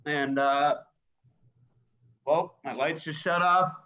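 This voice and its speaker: A man's voice: a little high, fairly even intonation, slow, sharp tone. A man from Minnesota hosting a casual interview, ribbing his guest in a joking way. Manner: jokey, ribbing. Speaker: host. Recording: slightly muffled call audio.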